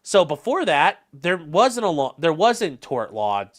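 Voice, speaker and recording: A man's voice: a little high, big pitch swings, measured pace. A young man hosting a casual livestream, rambling through legal talk and viewer comments with plenty of fillers and restarts.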